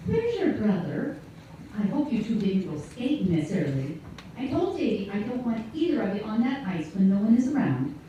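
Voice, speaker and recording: A woman playing a fretting mother, mellow. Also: medium pitch, big pitch swings, moderate pace, highs cut off, slight background noise, natural voice. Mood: fretful. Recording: echoey stage from a far mic.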